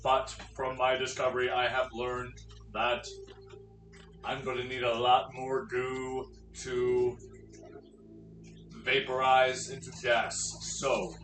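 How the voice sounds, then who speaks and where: A man voicing a male android soldier in a tabletop game, pitching a secret plan to a crewmate in a casual, matter-of-fact way. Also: monotone, slow, a bit bright. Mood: scheming. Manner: casual scheming aside to a crewmate. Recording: roomy, distant mic with faint noise.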